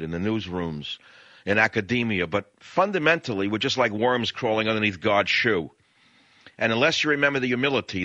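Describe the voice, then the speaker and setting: A man's voice: mid-range voice, sharp tone, dry recording, muffled recording. A man hosting a talk radio show, ranting in a combative, sneering way and throwing insults.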